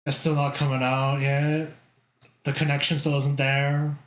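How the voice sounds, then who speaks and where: A young man streaming as a VTuber, casual and excitable, laughing and repeating himself as he talks. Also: on the high side, a little slow, roomy sound. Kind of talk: casual live-stream chat.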